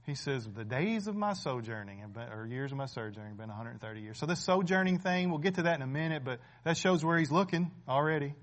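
A man in his forties preaching a sermon in a conversational way, often asking "right?" and building to loud, emphatic peaks. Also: medium pitch, expressive, fast talker, few pauses. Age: 40s.

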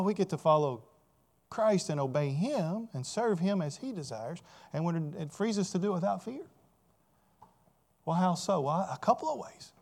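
Man preaching, swelling into emphasis. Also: fairly high pitch. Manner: emphatic preaching, swelling loud on key points, asks the congregation "right?". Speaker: pastor. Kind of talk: sermon.

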